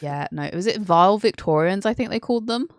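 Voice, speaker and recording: A woman's voice: medium pitch, lively intonation, brisk, no echo, clean studio sound. A woman hosting a casual history stream, rambling, teasing and giggling often.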